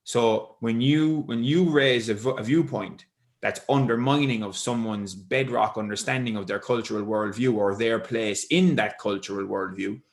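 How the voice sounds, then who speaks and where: A man's voice: fairly low pitch, moderate pace. A man co-hosting a podcast who explains ideas thoughtfully, restarting often as he builds his argument. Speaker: podcast co-host. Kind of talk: explanatory conversation.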